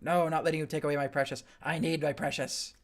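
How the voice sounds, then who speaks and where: A man doing a quick impression of Gollum, a possessive creature pleading whinily to keep its treasure. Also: fairly high pitch, flat delivery, slight background noise, natural voice.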